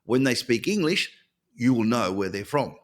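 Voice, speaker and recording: A middle-aged man with an Australian accent, a comedian guest chatting casually in an interview, telling stories with lively restarts. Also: mid-range voice, normal speed. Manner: lively storyteller with many restarts.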